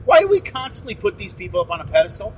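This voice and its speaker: Racing along with huge pitch swings, a man in a high voice hosts a podcast, ranting bluntly and indignantly. He swears and repeats himself in this opinion monologue, recorded by phone with slight background noise.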